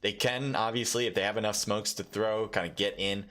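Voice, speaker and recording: A man casting a live mobile esports match solo, chatty and rambling, with lots of fillers and sudden bursts of excitement. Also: fairly low pitch, brisk. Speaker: esports caster and streamer. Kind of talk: solo live game commentary.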